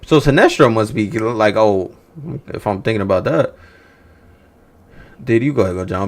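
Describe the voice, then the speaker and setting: This livestream host reacts to movie news in a fairly low voice with lively intonation, a moderate pace and long pauses. His casual chat with viewers is full of profanity, teasing and rhetorical banter.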